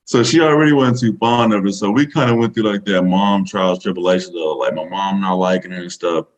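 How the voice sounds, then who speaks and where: A man's voice: low voice, brisk, poor audio. A man with a Southern US accent, a podcast guest telling a story casually, rambling with many fillers. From Texas, USA.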